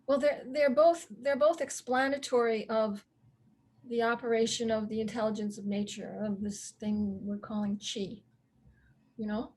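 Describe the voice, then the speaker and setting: Soft-laughing woman, reflective guest. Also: on the high side, steady tone, moderate pace. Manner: thoughtful, with soft laughs and many ums. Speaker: guest astrologer. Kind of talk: reflective interview talk.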